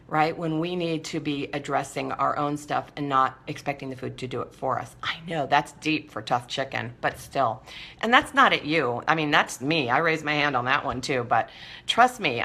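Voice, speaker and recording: A middle-aged woman hosting a live Q&A stream, her voice bright and a little low. She talks in an animated, encouraging way to her viewers. Between answers she hums playfully to herself. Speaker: weight-loss coach answering viewer questions.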